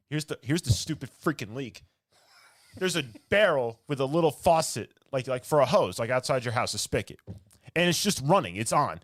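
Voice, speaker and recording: A man's voice: a little high, a bit bright, dry recording, studio quality. A young man co-hosting a podcast in casual chat, ranting sarcastically and laughing mid-sentence as he gets worked up. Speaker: podcast co-host.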